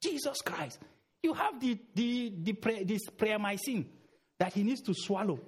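A middle-aged man preaching a sermon in a church, urging loudly, then dropping low. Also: lively intonation, a little slow, husky. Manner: emphatic, swings between loud urging and low murmurs.

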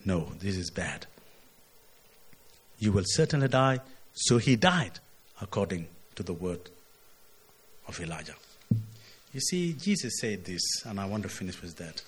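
Husky-voiced man preaching a sermon. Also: deep voice, sing-song, unhurried, long pauses. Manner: expository, asks "isn't it?", surges loud on quotes.

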